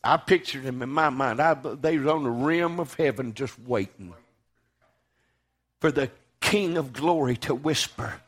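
A man preaching a sermon, swinging from loud, fervent declaiming to hushed, quiet lines. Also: mid-range voice, measured pace, husky.

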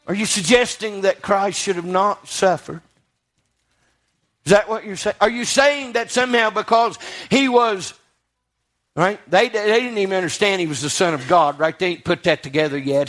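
A man's voice: sits high, fairly bright tone. A man preaching a sermon in a church, rising to fervent passages and putting questions to his congregation.

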